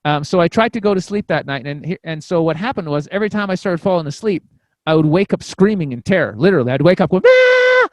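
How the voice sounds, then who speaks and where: On a podcast, a guest comedian talks fast through a lengthy personal anecdote, rambling, cursing offhandedly and constantly backing up to begin sentences again. His voice is slightly high and expressive, and the sound is close and dry without any echo.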